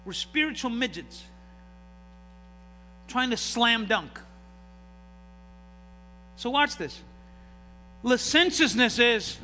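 A man preaching in a church with a bright, higher voice, acting out the people in his stories. The sound is a live recording with a long hall reverb. A faint electrical hum sits underneath. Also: slow, pauses often. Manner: animated storytelling with acted-out voices. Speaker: pastor. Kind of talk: sermon. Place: church sanctuary.

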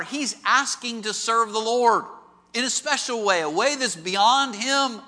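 Male preacher, sermon, animated storyteller, ringing tone with long hall echo. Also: very high voice, unhurried. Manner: animated storytelling with rhetorical questions. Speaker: pastor. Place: large auditorium.

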